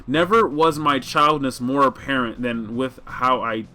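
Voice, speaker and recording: A man voicing a sardonic teenage girl, in a measured, wordy manner. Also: mid-range voice, pushed and bright, soft background music. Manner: measured, wordy, self-deprecating.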